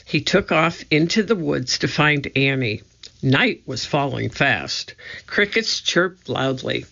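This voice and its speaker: A narrator reading a children's book aloud in an expressive storytelling manner. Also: mid-range voice, takes it slowly, creaky, lo-fi sound. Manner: expressive storytelling, voicing each character. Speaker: audiobook narrator.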